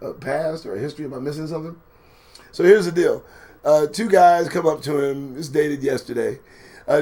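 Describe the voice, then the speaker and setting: A man hosting a live commentary stream, riffing casually with sarcastic, profane asides while reading out news items. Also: mid-range voice. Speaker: show host.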